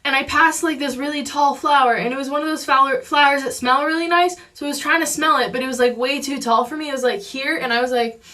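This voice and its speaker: High, bright young woman rambling through a story. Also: fairly even intonation, fast, hardly any pauses. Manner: rambling, filler-heavy. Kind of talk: casual storytime.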